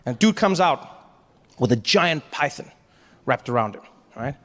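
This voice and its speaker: A man doing stand-up comedy, telling a story in an animated way and slipping in voices for the people in it. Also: mid-range voice, a little slow, in a large hall.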